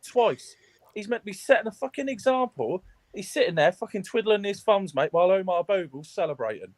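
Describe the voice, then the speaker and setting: A man's voice: sits high, lively intonation, fairly quick, no echo. A man calling into a fan show, furious and blunt, swearing and mocking the team. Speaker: guest fan. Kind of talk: heated football fan rant.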